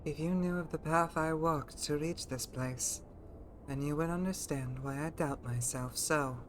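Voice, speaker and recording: Breathy solemn game hero , woman putting it on, low, formal olde speech, soft. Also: unhurried, a little hiss or hum. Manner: formal, archaic phrasing. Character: earnest, self-doubting fantasy companion reciting lore. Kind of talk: voicing game dialogue aloud.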